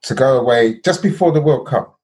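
A man co-hosts a casual podcast, telling a football story and checking in with "yeah?" and "bro". His voice is medium-pitched, brisk and a little mellow.

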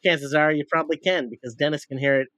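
A man's voice: a little high, fairly even intonation, quick pace, fairly bright tone, dry recording. A man co-hosting a podcast in loose, rambling, joking casual chat, recorded in a shed. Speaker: podcast co-host. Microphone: home recording setup in a shed.

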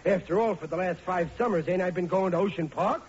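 A man's voice: high-pitched, fairly quick, natural voice. An actor playing a blundering, blustering working-class family man with a Brooklyn accent in a 1940s radio sitcom. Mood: reluctant. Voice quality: ungrammatical, fretful bluster. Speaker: sitcom lead. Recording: muffled old radio broadcast with hiss.

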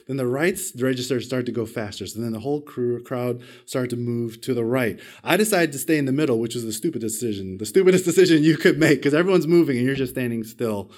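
A man preaching a sermon, telling a personal story with big swings in pitch and loudness, self-deprecating and asking the congregation questions. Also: fast talker. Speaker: pastor.

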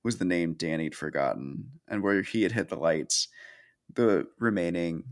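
A man's voice: low voice, expressive, moderate pace. A man co-hosting a podcast, retelling a horror story in casual, sardonic, profane chat. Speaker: podcast co-host.

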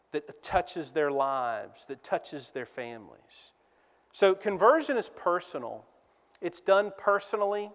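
A man preaching a sermon as pastor, slow and deliberate, leaning on emphatic repetition. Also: on the high side, in a large hall.

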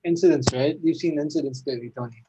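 A man's voice: fairly high pitch, fast. A man chatting casually as a podcast guest, laid-back and teasing. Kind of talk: casual chat. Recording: dull lo-fi remote line with noise.

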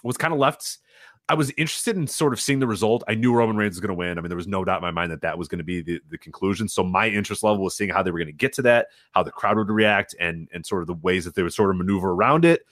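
A man's voice: deep voice, racing, fairly bright tone, dry recording, studio quality. A man co-hosting a wrestling podcast, ranting casually and profanely, slipping into mocking quoted voices. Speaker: podcast co-host. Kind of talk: casual wrestling review chat.

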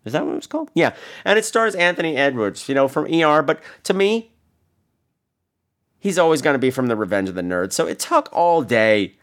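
Male podcast host, lively, swinging delivery; casual, profane storyteller who acts out the people in his stories. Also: fairly high pitch, fairly quick.

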